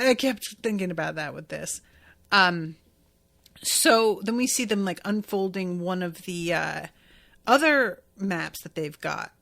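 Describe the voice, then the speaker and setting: A woman hosting a podcast, casually recapping an anime episode in a chatty, animated way, often acting out what characters say. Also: on the low side, gravelly. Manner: chatty, animated retelling with quoted voices. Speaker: podcast host.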